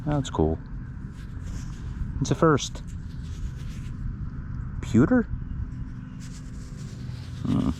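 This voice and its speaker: A man narrates his metal detecting outdoors in a casual, excitable way. His pitch leaps around a lot as he reacts to finds. There is a faint hiss under the recording. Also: extremely slow, pauses often. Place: outdoors on a field.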